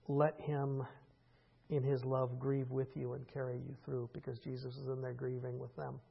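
A man preaching a conversational sermon, rising into impassioned stretches and then falling quiet again. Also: medium pitch, creaky, muffled recording. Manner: conversational preaching, builds to impassioned peaks with laughs. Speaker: pastor.

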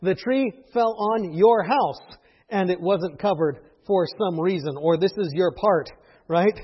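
High-voiced, husky preacher man. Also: a little slow. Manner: chatty, asks "right?" often, laughs between points. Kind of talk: conversational sermon. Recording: dull, echoey hall sound.

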